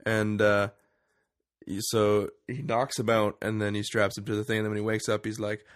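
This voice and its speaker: A man co-hosting a podcast, casually retelling a film's plot with quick acted-out quotes. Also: lowish voice, level tone. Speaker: podcast co-host. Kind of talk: casual movie review chat.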